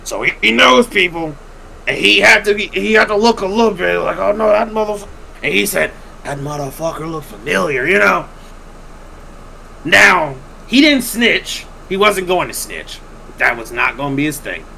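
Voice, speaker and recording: A man's voice: high voice, moderate pace, vocal fry, slight background noise, rough recording. A man hosting a podcast, telling a long story casually with lots of swearing and acting out what other people said. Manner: animated, profane, acts out quoted people.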